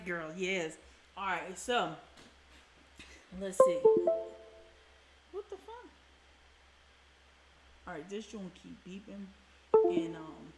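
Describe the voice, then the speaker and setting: Background noise and a roomy sound surround this mid-range female voice as she hosts a casual livestream. She's blunt and profane, chatting and greeting viewers by name.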